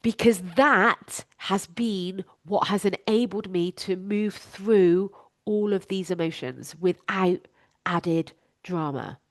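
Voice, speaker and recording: Frank, unhurried Englishwoman coaching. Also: mid-range voice, no room sound, studio quality. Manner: frank and emphatic, swears freely. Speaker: life coach and podcast host. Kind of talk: candid podcast monologue.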